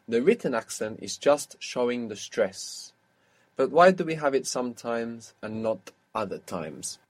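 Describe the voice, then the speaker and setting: Man, language tutor, patient, step-by-step explanations, mid-pitched voice. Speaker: language teacher. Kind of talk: one-on-one language lesson.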